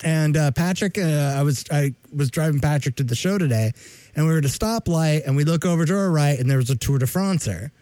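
A man's voice: a little high, brisk, warm tone, dry recording. A man co-hosting a podcast in casual chat, joking and rambling, sometimes humming and mock-singing. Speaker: podcast co-host.

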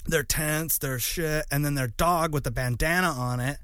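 A man's voice: a little high, normal speed, a bit bright, no echo. A man hosting a podcast, rambling through a casual, profanity-filled story with lots of fillers. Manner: rambling, swears freely, frequent fillers. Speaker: podcast host.

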